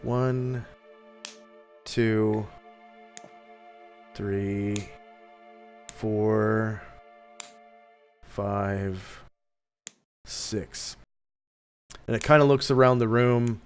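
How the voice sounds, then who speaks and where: A man narrating as game master of an online tabletop game, in a relaxed, meandering way with many ums. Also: lowish voice. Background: faint music.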